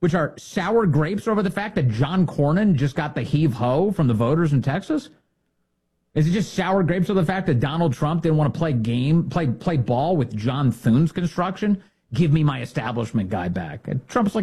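A man's voice: a little high, very animated, fairly quick, darkish tone, breathy edge. A man giving opinionated political commentary in a sarcastic, indignant way. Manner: sarcastic, indignant, mocking impressions.

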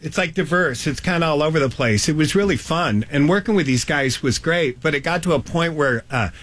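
A man telling stories in casual conversation, with a somewhat high voice. He is animated and laughs often as he acts out what others said. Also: a little fast. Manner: animated, laughing storyteller doing quoted voices. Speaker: guest musician. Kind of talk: casual storytelling chat.

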